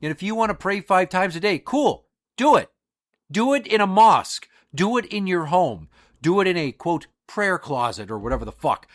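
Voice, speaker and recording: A man's voice: a little high, fairly bright tone. A man hosting a podcast, delivering an angry, profanity-laced monologue with emphatic outbursts. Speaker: podcast host.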